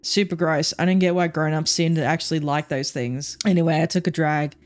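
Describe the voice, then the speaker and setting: A woman's voice: sits low, steady tone, brisk, soft background music, close to an everyday voice. A woman voicing a chatty young boy patient in a story game, telling his story earnestly.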